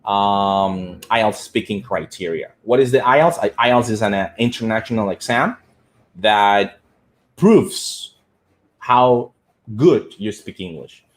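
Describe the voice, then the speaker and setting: A man's voice: lowish voice, expressive, takes it slowly. A man hosting a live-streamed English lesson, reading out viewer comments and repeating words as he talks.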